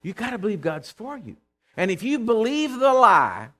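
High-voiced fervent preacher man. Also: big pitch swings, a little fast, fairly bright tone. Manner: fervent, calls for responses from congregation. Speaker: pastor. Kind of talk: sermon.

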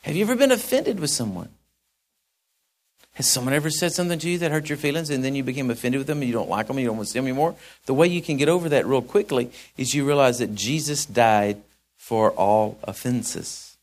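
A man of middling pitch delivering a sermon. His talk is folksy and conversational, chatting with the congregation, and then it builds into loud, emphatic declarations. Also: expressive, fast talker. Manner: folksy, conversational preaching that swells into emphatic shouts. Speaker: pastor.

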